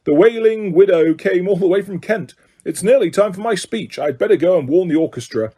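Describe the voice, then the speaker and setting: A man's voice: high voice, animated, fairly quick, warm tone, husky. A man voicing a proud, touchy male ghost nobleman in a storybook reading, stiff and formal.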